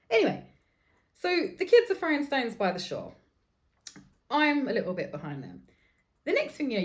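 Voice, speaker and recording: A woman in her thirties hosts a podcast and tells a long personal story off the cuff. She is animated, drops swear words often and laughs between lines, with a medium-pitched voice. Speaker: podcast host. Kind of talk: casual storytelling monologue.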